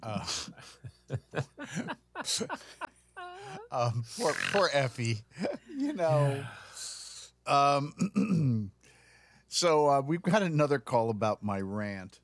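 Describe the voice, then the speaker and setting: A man's voice: medium pitch, sing-song, drawn-out words, pauses often. A male morning radio host ranting in an emphatic, exasperated way.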